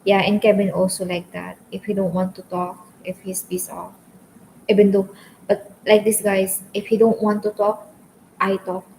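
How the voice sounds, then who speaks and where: A woman's voice: mid-range voice, level tone, moderate pace, vocal fry, darkish tone, a little hiss or hum, low-quality recording. A woman from the Philippines chatting casually with viewers during a live stream, speaking English as a second language and talking openly about her relationship. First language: Filipino language. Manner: talks openly, addresses viewers as guys.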